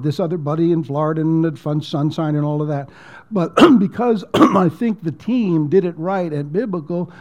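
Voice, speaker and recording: A man's voice: on the high side, a little mellow, muffled recording. A man preaching as a pastor in a conversational storytelling way, repeating words and dropping almost to a whisper at emotional points. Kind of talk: sermon storytelling.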